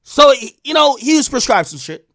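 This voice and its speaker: A young man spins a story for his viewers in loose, profane slang. His voice sits high and jumps all over, from loud bursts down to muttered asides. The sound is close and dry, with no room around it. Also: normal speed, no echo. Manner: animated, profane, slangy, swings from loud exclaims to low asides. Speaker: show host.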